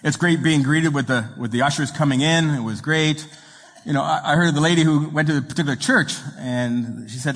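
Joking guest preacher in a reverberant church. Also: male voice, on the high side, fairly bright tone. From raised in an Italian home. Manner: joking storyteller, halting restarts. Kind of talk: sermon with jokes. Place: church sanctuary.

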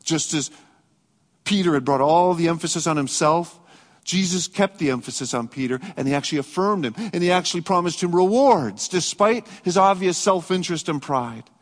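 An earnest male pastor delivering a sermon, his voice sitting a little high for a man. He swings between raised, emphatic lines and hushed, reflective stretches. The sound rings with the long reverb of a church sanctuary. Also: lively intonation, moderate pace.

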